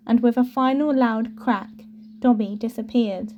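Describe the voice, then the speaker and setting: A woman reading a novel aloud with steady, clear storytelling. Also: a little high, unhurried, highs cut off, slight background noise. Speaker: audiobook reader.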